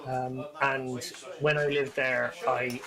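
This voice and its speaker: A man's voice: medium pitch, level tone, slow pace, vocal fry, a loud crowd, low-quality recording. A man co-commentating live poker, musing and chatty, often restarting his sentences.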